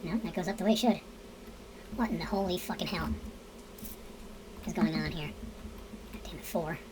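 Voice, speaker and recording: A woman with a lowish voice narrates a casual game building tutorial at a moderate pace, with background noise behind her. Speaking straight to viewers, she counts blocks aloud and swears under her breath when pieces don't line up.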